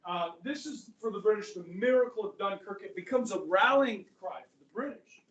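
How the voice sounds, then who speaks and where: A man teaching a history class, talking in a chatty, animated way and checking in with the students again and again. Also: high voice, brisk, highs cut off. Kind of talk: classroom lecture. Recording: echoey classroom, mic far off.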